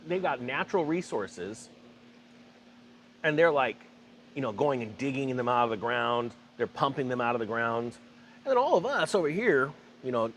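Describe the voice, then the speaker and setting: A man's voice: medium pitch, a little hiss or hum. A man hosting a finance commentary vlog, talking emphatically and sarcastically with rambling asides. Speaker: finance channel host.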